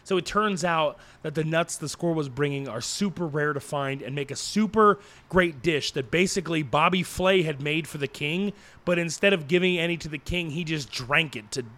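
A man co-hosting a podcast, recapping an anime episode in a rambling, jokey way with lots of fillers and quick put-on character quotes. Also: a little high, a bit bright. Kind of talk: casual chat.

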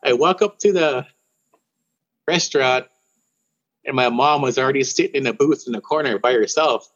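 A man from Warm Springs, Oregon, tells his story in a loose, rambling way, circling back over his own words and tossing in "bro". His voice sits in a middle pitch. The audio sounds slightly dull and lo-fi. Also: normal speed. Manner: rambling, repeats and restarts words, says "bro" often. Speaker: guest musician. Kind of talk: casual storytelling interview.

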